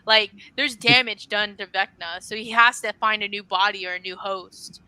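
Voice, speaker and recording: A woman's voice: medium pitch, steady tone, normal speed, sharp tone, clean tone, no room sound, rough recording. A woman co-hosting a podcast, chatting casually and emphatically, swearing now and then. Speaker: podcast co-host. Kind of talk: casual chat.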